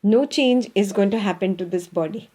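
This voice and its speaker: Mellow-voiced Indian woman teaching. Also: mid-range voice, moderate pace. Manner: earnest, checks in with listeners often; speaks with her hands. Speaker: spiritual teacher. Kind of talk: spiritual teaching talk.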